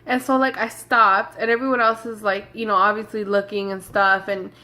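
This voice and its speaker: A young woman telling a storytime vlog in a chatty, rushed way, talking straight to her viewers. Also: medium pitch, fairly even intonation, bright, forceful tone. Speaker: vlogger.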